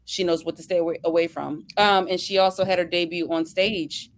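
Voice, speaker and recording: Casting note: woman voice actor, guest on a chat podcast, earnest and grateful, slightly low voice, quick bursts. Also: fairly even intonation. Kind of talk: casual chat. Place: home studio setup for voiceover work.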